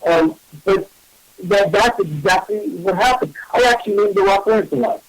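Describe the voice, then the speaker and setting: A man with a notably high speaking voice tells a story in a loose, animated, self-mocking way, throwing in mild swearing. The sound is dry and close, with no room around it. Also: normal speed, no echo, poor audio. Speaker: psychic medium radio host. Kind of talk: casual storytelling.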